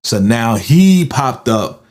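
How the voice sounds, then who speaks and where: A man hosting a casual movie recap, telling the story in an animated way and tagging his sentences with quick "right?" checks to the listener. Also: medium pitch. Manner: animated storytelling, frequent "right?" tag questions.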